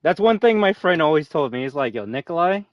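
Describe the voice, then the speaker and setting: A male game streamer talks over his play in loose, rambling commentary, swearing freely and drifting into nerdy asides. His pitch swings widely from line to line, and the audio sounds slightly dull and lo-fi. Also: expressive, brisk, dry recording. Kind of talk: casual gameplay commentary.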